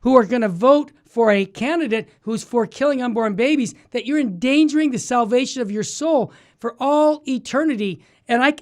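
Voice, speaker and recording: A man hosting a talk radio show, emphatic and exhorting, with quick restarts. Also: very high voice. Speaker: radio host.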